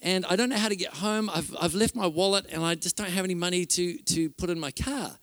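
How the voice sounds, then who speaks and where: A male preacher voicing a flustered, apologetic woman in a hurry, stammering and halting as she asks for help. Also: high voice, a bit bright, no echo. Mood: pleading. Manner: halting, stammering, breathless asking.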